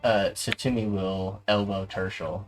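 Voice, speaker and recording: Low-voiced male game master, chuckling. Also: flat delivery, a little slow, soft background music. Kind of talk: running an online tabletop game.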